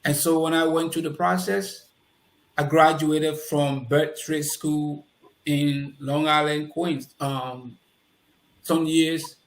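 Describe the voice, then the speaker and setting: A man with a Liberian accent tells a personal story as an interview guest and brings the people in it to life by voicing their lines. His voice sits a little high. The recording has a noticeable roomy echo. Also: slow. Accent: Liberian English. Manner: animated, acts out quoted dialogue. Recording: roomy echoey room.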